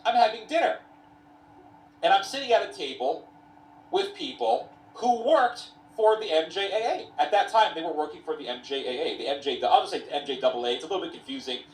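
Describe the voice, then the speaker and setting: Animated man telling a story from afar. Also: fairly high pitch, brisk. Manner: animated retelling with acted quotes. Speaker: conference speaker. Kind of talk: anecdotal storytelling. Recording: echoey, distant, faint noise.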